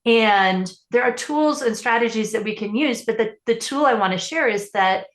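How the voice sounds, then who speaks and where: A woman's voice: fairly high pitch, normal speed, reverberant. A woman parenting coach answering interview questions in an earnest, explanatory way, often restarting her sentences.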